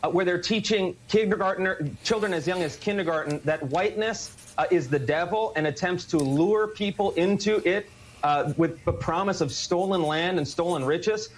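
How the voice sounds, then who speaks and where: A man speaks as an interview guest, pressing his argument earnestly and stacking repeated phrases. His voice sits high for a man. A faint hum of noise lies under the clip. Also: normal speed, rough recording. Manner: earnest, builds points with repeated phrases and fillers.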